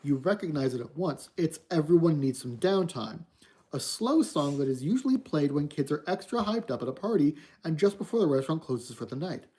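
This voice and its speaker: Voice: medium pitch, expressive, brisk, a little mellow. A streamer reading a choose-your-path horror book aloud for viewers, then chatting to wrap up the stream.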